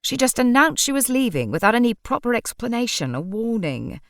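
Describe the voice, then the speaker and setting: A woman's voice: on the high side, sing-song, brisk, fairly bright tone, no echo, clean studio sound, voice pushed up. Woman voicing Charlie, flustered shopkeeper man. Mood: huffy. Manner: pleading, huffy. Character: flustered mild-mannered male shopkeeper.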